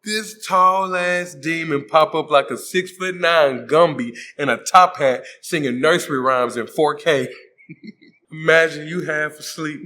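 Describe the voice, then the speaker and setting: A man's voice: on the high side, measured pace, sharp tone. A man hosting a comedic movie recap, joking in slang and acting out the characters' voices. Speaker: host.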